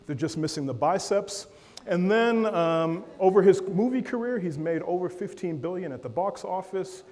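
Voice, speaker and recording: A man giving a lively keynote at a conference, joking with and calling on the audience in a large hall. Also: sits high, normal speed. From Africa. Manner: energetic, playful, calls on the audience and jokes. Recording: long hall reverb.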